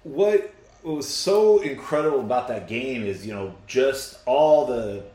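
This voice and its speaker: A man co-hosting a casual sports podcast, riffing in a jokey, excitable way. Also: medium pitch, unhurried, roomy sound.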